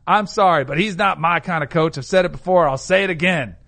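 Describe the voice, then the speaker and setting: A man doing an impression of a grumpy older male football analyst, gruff and complaining. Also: fairly high pitch, brisk, fairly bright tone. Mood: grumbling.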